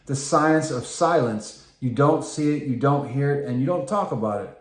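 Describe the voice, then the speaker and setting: A man vlogging in a meandering monologue, drifting between tangents and filling pauses with "um". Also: medium pitch. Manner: meandering, full of filler ums and tangents. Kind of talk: rambling monologue to camera. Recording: echoey room.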